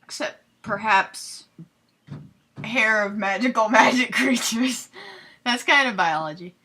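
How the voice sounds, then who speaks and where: A young woman hosting a comedic fanfiction readthrough, reading aloud with sarcastic, giggly, deadpan asides. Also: fairly high pitch, slow, a little hiss or hum.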